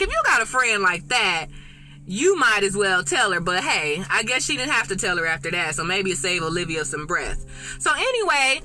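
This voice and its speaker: A woman chatting casually to her viewers as she recaps and reviews a TV episode, animated and talkative. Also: on the high side, low-quality recording.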